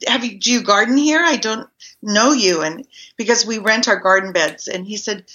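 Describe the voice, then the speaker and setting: A woman with a bright, forward voice tells her stories with energy and acts out what people said to her. She speaks as a guest in an interview. The sound is a bit dull and lo-fi. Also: mid-range voice, normal speed. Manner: animated storyteller acting out quoted dialogue. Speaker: guest, community garden minister. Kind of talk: storytelling in a podcast interview.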